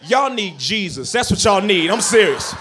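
Animated high-voiced man doing stand-up. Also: moderate pace. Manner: animated, swings from quiet asides to shouted punchlines. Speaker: stand-up comedian. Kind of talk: stand-up comedy set. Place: comedy club stage before a laughing audience. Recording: live club recording with audience noise.

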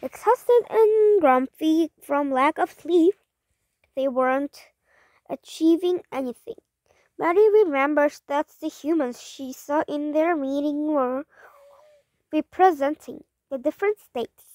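A woman's voice: sits high, a little mellow, no room sound. A woman reading a children's story aloud, stumbling and correcting words as she goes. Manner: halting, rereads and corrects words. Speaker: storybook reader.

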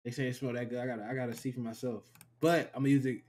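A man reacting casually to a video clip, talking in loose slang and thinking out loud. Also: mid-range voice, flat delivery, racing. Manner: loose slangy banter, talks to himself.

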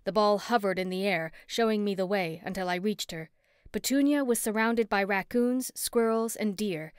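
A woman narrating a first-person story in an expressive, steady audiobook read on a close mic. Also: medium pitch, normal speed, clean tone, dry recording.

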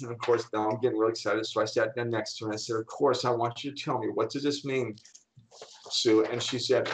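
A middle-aged man, a coach and speaker, telling animated anecdotes in an interview and acting out the people he quotes. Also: mid-range voice, a little fast, poor audio. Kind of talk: storytelling in an interview.

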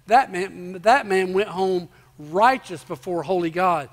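A man's voice: high voice, a little slow, long reverb tail. A male pastor preaching to his congregation in a church, emphatic, repeating key phrases and asking rhetorical questions. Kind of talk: sermon. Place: church sanctuary before a congregation.

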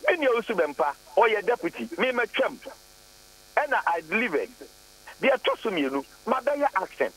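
A man's voice: high-pitched, big pitch swings, normal speed, pushed and bright. A man with a Ghanaian accent, phoning in to a radio talk show and speaking in an emphatic, defensive way. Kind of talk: phone-in radio chat. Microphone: phone. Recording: tinny phone line with hum.

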